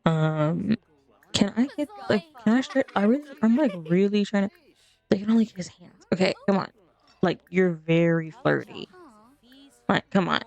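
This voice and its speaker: A woman's voice: mid-range voice, animated, normal speed, creaky, a little mellow, muffled recording. A woman casually commenting on her life-sim game as she plays, rambling and laughing between remarks. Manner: chatty, rambling, laughing asides. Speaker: let's play streamer.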